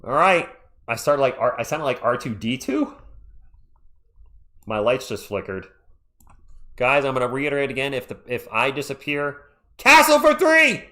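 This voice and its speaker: A man doing live fan play-by-play from home on his own mic, excitable and chatty, breaking off to talk to his chat. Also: mid-range voice, normal speed, long pauses. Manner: excitable, chatty, jumps between game calls and asides to chat. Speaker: livestream play-by-play commentator. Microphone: own microphone.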